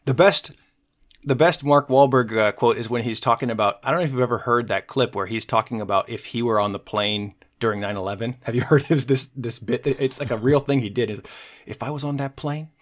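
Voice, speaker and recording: A man's voice: mid-range voice, brisk. Easygoing man hosting a chat. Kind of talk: casual podcast chat.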